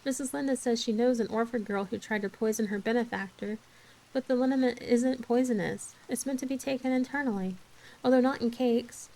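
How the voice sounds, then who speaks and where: A woman voicing an excitable, dramatic young orphan girl who pleads breathlessly in a raised voice. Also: on the high side, brisk, voice pushed up, natural voice. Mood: tearful.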